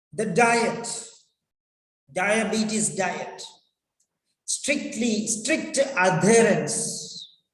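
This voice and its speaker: Very slow, high-voiced male teacher. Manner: slow, deliberate, repeats key words. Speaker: English speaking teacher. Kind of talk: spoken lesson. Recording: echoey room with long reverb.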